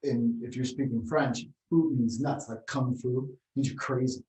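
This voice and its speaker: A man's voice: mid-range voice, fairly even intonation, a little mellow. Podcast co-host guy, hesitant, lots of uh's, roomy sound, a bit far from the mic. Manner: halting, hesitant, with repeated fillers. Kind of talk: casual chat. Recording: echoey, off-mic.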